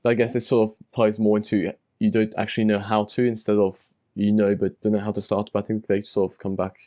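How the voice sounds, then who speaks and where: A man's voice: lowish voice, little pitch movement, fast, warm tone. A man hosting a podcast, talking loosely, with hesitant fillers and the odd curse word. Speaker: podcast host. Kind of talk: casual podcast conversation.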